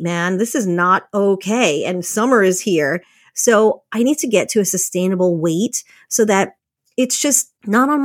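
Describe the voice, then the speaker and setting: A woman's voice: medium pitch, dry recording, clean studio sound. A woman in her thirties hosting a podcast, talking candidly and chattily to listeners and laughing often as she goes. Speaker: podcast host. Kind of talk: casual motivational talk.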